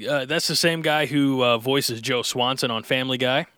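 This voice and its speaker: A man hosting from a studio booth with headphones on. His voice is bright and cleanly resonant, with a dry, close sound. He talks in a joking, rambling way and often restarts his sentences. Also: medium pitch, normal speed, clear, resonant tone, dry recording. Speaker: radio host. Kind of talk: casual recorded chat. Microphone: studio mic with headphones.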